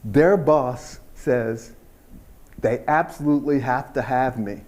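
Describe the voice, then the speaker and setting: An older man giving a keynote speech, telling his story in an unhurried, earnest way and laughing at himself now and then. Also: mid-range voice, a little mellow. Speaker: keynote speaker.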